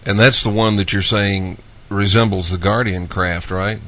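A man's voice: lowish voice, steady tone, moderate pace, a bit bright. A man hosting a call-in radio show, steadily taking calls and reading out listener questions. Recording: dull lo-fi radio sound.

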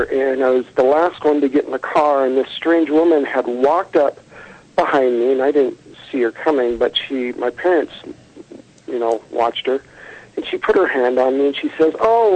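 A man's voice: medium pitch, lo-fi sound. A man recounting childhood encounters in an interview, earnest and rambling, with fillers and self-corrections. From United States.

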